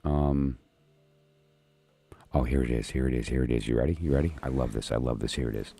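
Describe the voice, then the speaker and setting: A man's voice: rumbling low, fairly quick, gravelly, warm tone, breathy edge, faint music behind. A man hosting a late-night live stream of oracle readings, rambling and joking as he talks to his viewers. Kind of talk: casual live-stream chat.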